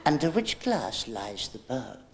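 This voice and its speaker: Squeaky, animated cheeky male comedian. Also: unhurried. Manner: cheeky, teasing banter full of innuendo, squeaky shrieking rises. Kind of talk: live stand-up with an audience volunteer. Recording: loud hiss on an old VHS tape recording.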